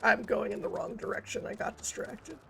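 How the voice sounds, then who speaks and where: A woman's voice: a little high, brisk, vocal fry, background noise. A woman streaming a game, rambling in casual commentary with goofy wordplay and self-mocking jokes.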